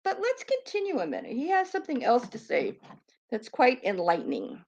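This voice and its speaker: A woman's voice: a little high, huge pitch swings, a little fast, a little mellow, lo-fi sound. A woman giving scornful, sarcastic commentary on video clips, swearing freely. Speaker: commentary vlogger. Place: lives on an island.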